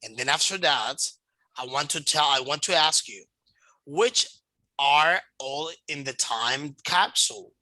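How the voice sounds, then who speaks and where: Male teacher, slow careful delivery, bright tense tone, dry close sound. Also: a little high, lively intonation, no echo, rough recording. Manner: slow, patient, explains step by step. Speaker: English teacher. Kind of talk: online one-to-one lesson.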